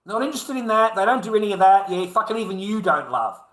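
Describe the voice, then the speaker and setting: A man's voice: high-pitched, very animated, fast talker, roomy sound. An Australian man in a crude, profane, rambling livestream rant, swearing constantly.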